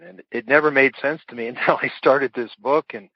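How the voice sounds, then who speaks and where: A man's voice: medium pitch, fairly even intonation, brisk, no echo. A middle-aged man, an author guest in a casual interview, rambling through stories with fillers and chuckles. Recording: dull dry lo-fi audio.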